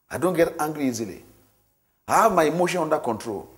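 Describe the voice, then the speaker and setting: Guy teaching a church marriage class, kinda high voice, repeats stuff a lot and acts out little scenes. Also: fast. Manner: repetitive, animated, acts out scenarios.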